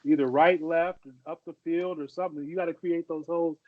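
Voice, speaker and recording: Man, 40s, podcast storyteller with a fairly high voice, dull dry lo-fi audio. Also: steady tone, brisk, no echo. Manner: anecdotal, repeats and restarts phrases. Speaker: podcast co-host, former football player. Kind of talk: casual storytelling chat.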